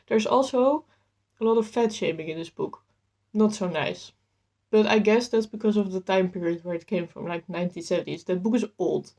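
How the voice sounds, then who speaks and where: An eager book vlogger chats casually about her reading at a moderate pace, rambling a little and sounding slightly out of breath. Her voice is mellow and warm at a middle pitch, and it jumps upward when she gets excited.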